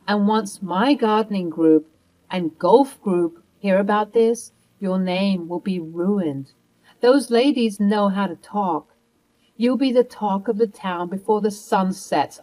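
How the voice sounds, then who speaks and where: Lady doing a bitter older mother-in-law, scoffing then begging, kinda loud. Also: medium pitch, natural voice, low-quality recording.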